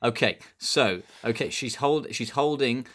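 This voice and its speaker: A man's voice: medium pitch, unhurried, crowd noise. Playful British-sounding man hosting comedy. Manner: playful, giggly, deadpan. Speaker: comedy podcast host. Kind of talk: improvised comedy bit.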